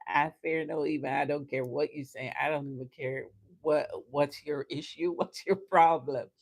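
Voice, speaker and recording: A woman hosting a casual chat, telling personal stories earnestly and laughing often as she goes. Her voice sits quite low and she speaks slowly. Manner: earnest, faith-filled. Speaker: host.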